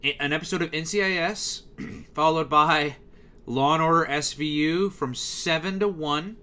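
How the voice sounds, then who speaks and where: Young man, bright forceful voice, fairly high pitch, casual ranting commentary, animated and exasperated. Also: moderate pace. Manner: animated, exasperated, frequent fillers and restarts. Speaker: youtuber reviewing TV schedules.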